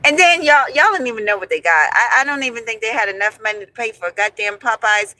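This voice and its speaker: Bright-voiced woman telling a profane story. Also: a little high, fast, dry recording, rough recording. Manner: animated, profane, addresses listeners as honey and y'all. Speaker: storyteller host. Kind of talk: casual storytelling.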